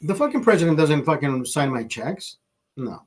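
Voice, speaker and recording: A man's voice: fairly high pitch, sing-song, moderate pace, slight background noise. A man hosting a live stream, ranting in a rambling, profane way with laughing asides. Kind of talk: livestream rant.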